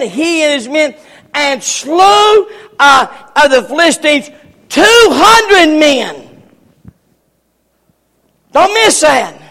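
Man, pastor, folksy emphatic sermon, high voice, gravelly, echoing sanctuary. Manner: emphatic, folksy preaching, often shouted. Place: church sanctuary. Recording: long hall reverb.

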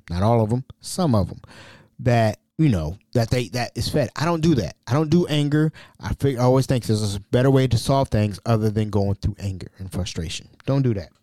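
Guy on a podcast telling a story, mid pitch, super dry close mic. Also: no room sound. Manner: animated, drops to whispers when quoting himself. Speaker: podcast host. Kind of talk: casual storytelling.

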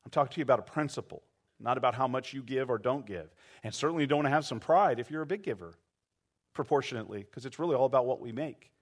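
A man's voice: mid-range voice, fast talker. A man preaching a sermon, acting out quoted voices and asking the congregation to respond. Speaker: pastor.

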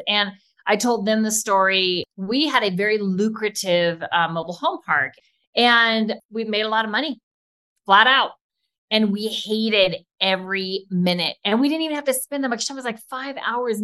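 A woman co-hosting a podcast, talking fast and enthusiastically in a casual chat. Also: mid-range voice, bright, forceful tone. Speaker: podcast co-host.

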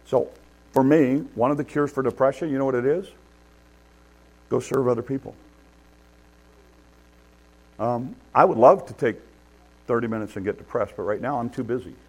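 A man's voice: medium pitch, normal speed, long pauses, slightly rough. A man preaching a sermon in an earnest, conversational way, building emphasis as he makes his points. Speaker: pastor. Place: church.

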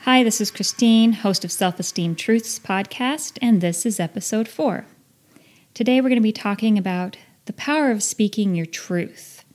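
A woman's voice: mid-range voice, moderate pace. Earnest woman hosting a self-help podcast. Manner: earnest, animated, laughs at herself. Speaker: podcast host.

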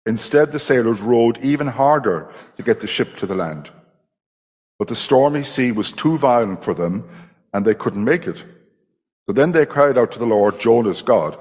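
Man reading scripture, husky, echoing hall. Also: lowish voice, animated, a little mellow. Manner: measured dramatic reading. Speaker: scripture reader. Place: church hall. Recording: long hall reverb.

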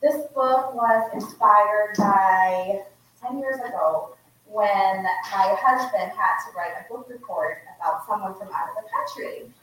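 A woman's voice: medium pitch, unhurried, far from the mic. A woman author giving an unplanned, heartfelt personal story to a live audience in an echoey room. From United States. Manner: earnest, heartfelt, animated. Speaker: author and guest speaker. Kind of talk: unprepared personal storytelling talk.

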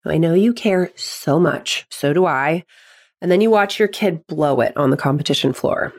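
Upbeat woman podcast host giving advice. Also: moderate pace. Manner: upbeat, expressive, acts out quotes in a higher voice. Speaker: podcast host and sports psychology coach.

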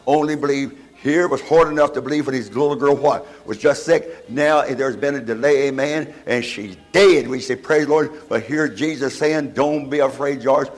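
Preacher saying amen constantly. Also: male voice, on the high side. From West Virginia, USA. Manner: punctuates nearly every phrase with "amen"; asks rhetorical "what?" questions. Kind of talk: sermon.

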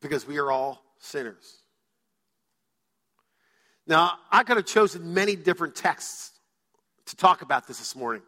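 A man's voice: on the high side, expressive, measured pace, long pauses, sharp tone. A male pastor preaching a sermon to his church, telling stories and acting out quoted voices. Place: church sanctuary. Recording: church hall reverb.

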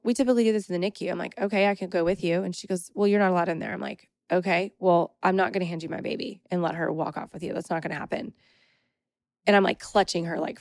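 Young woman podcaster ranting casually, fired up and emphatic, lowish voice, dead dry mic. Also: darkish tone, dry recording. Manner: emphatic, indignant storytelling. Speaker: podcast host.

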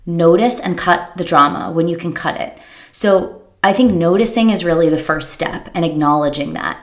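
A woman with a fairly low voice gives an emphatic motivational coaching talk. She leans on repeated phrases and slips into quick, worried imitations of her listeners' inner doubts. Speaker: business coach.

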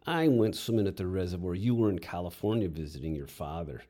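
A man's voice: sits low, expressive, fast, dark tone. A man voicing a grumpy, defensive teenage boy who swears crudely while telling a story. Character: grumbling teenage boy, cocky and touchy.

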